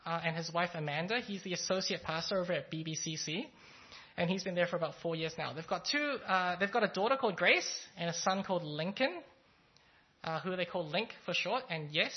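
A pastor giving a conversational sermon, telling a story in a relaxed, thoughtful way with frequent fillers. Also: medium pitch. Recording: slightly dull, lo-fi sound.

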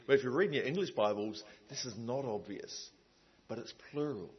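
A man's voice: on the low side, lively intonation, moderate pace, lo-fi sound. A man preaching a sermon in a conversational way, with many asides and fillers.

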